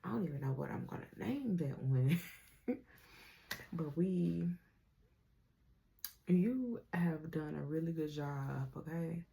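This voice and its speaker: Woman tarot reader, casual and slangy, warm and gravelly tone, laughs easily. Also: low-pitched, animated, takes it slowly, long pauses. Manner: slangy and playful, laughs often; talks straight to the viewer.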